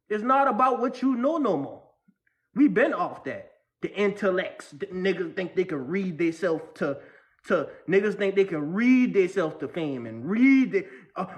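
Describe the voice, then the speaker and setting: A man's voice: high-pitched, a bit bright. A man delivering a casual spiritual rant to the camera, slangy and repetitive, often restarting his sentences. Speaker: vlogger.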